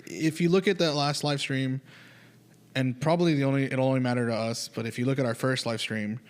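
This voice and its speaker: A man's voice: medium pitch, brisk. A man in casual studio chat, telling road-trip stories with lots of acted-out quotes. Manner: animated storyteller, acts out quotes.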